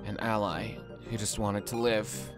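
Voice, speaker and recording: A let's play host reading the narration of a visual novel in a hushed, measured voice. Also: medium pitch, little pitch movement, over music.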